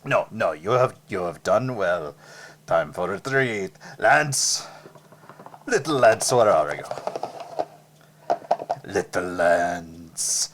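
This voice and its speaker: A low, slow-talking eccentric, as a man puts him on, vain and grand about himself. He speaks halting broken English with small words dropped, and his pitch swoops widely. It is a tabletop role-play character voice. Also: animated, fairly bright tone, slight background noise, exaggerated voice. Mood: coaxing. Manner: grandly self-regarding. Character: vain, eccentric man who tinkers with a strange box. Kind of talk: character voice in an actual play podcast.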